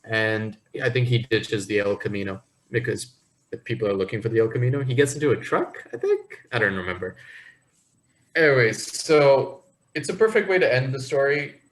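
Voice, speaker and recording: A man co-hosting a podcast, telling rambling stories in a casual, animated way. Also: medium pitch, normal speed, poor audio. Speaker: podcast co-host. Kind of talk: casual chat.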